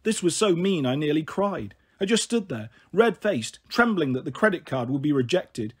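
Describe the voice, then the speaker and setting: Male audiobook reader, husky, animated first-person narration. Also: fairly high pitch, normal speed. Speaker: storyteller. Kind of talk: audiobook reading of a children's novel.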